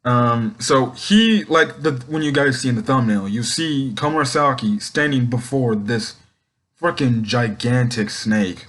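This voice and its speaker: A man's voice: mid-range voice, expressive, a little slow, fairly bright tone. A young man casually recapping and reviewing an anime episode, rambling, with many ums and restarts.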